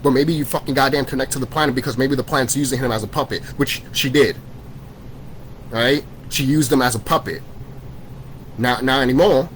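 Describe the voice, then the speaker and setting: A vlogger rants angrily to camera about conspiracies, swearing nonstop, repeating himself and restarting sentences as he scolds his viewers. His voice is mid-range and brisk, on a rough recording with some hiss or hum.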